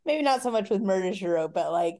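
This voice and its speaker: Casual woman co-host, loose talker, lots of "like", ordinary middle pitch. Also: animated, fairly quick, darkish tone. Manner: chatty, leans on "like" fillers. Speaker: podcast co-host. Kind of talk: casual chat.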